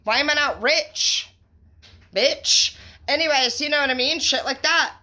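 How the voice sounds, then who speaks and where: A woman with a bright, forceful voice gives a tarot reading straight to her viewers. She talks excitably, swears freely and piles on emphatic praise and pet names like baby and bro. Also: sits high, unhurried. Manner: affectionate pet names, conversational fillers. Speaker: tarot reader.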